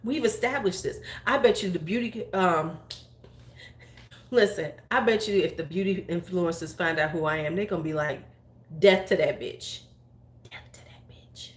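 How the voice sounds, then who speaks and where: A woman's voice: lowish voice, normal speed. A woman in her forties, a beauty YouTuber, talking bluntly and profanely in casual opinion chat. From United States. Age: 40s. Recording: roomy echo.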